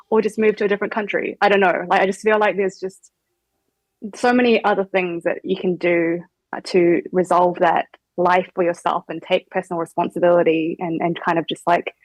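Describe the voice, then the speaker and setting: A woman's voice: on the low side, dry recording, low-quality recording. A woman with a New Zealand accent, a guest chatting casually with lots of fillers. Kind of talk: casual chat.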